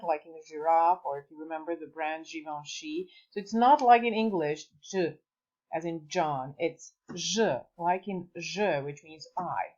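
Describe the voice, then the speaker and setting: A woman teaching a beginner language lesson, patient and clear, sounding out words slowly for the listener to repeat. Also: fairly low pitch, a little mellow, dull audio. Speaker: French teacher.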